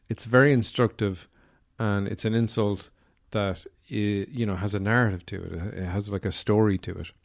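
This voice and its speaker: This Irish podcast host has a fairly low voice, a steady tone and an ordinary pace. His casual comedic monologue is wry, meandering and full of filler words.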